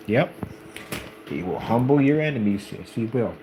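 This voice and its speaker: A man's voice: lowish voice, expressive, a little slow, mellow, slight background noise, poor audio. A man giving an informal religious talk, emphatic and preachy, acting out the people in the stories he tells. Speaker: channel host.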